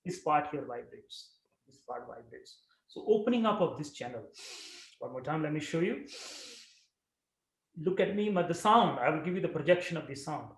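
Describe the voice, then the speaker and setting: A man teaching breathing and throat-center chanting, giving calm explanations between long, projected chanted syllables. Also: on the high side, normal speed, vocal fry, roomy sound. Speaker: yoga and meditation teacher. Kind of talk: guided breathing and chanting instruction.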